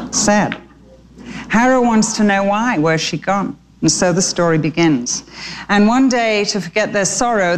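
A woman giving a storytelling sermon, retelling a children's story gently and earnestly, then appealing directly to her listeners. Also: medium pitch.

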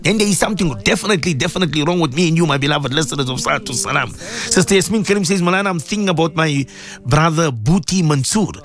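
A man's voice: on the high side, fast, a bit bright, faint music behind. A man hosting a live religious radio show, preaching emotionally to his listeners and repeating his points for emphasis. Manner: emotional, repetitive preaching, addresses listeners directly. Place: radio studio.

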